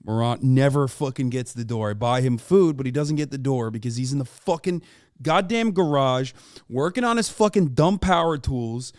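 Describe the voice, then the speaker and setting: A man's voice: mid-range voice, animated, moderate pace, darkish tone, no room sound, studio quality. A man in his thirties streaming from home, giving casual opinionated commentary that is profane, emphatic and rambling with fillers. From United States. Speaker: streamer reacting to clips.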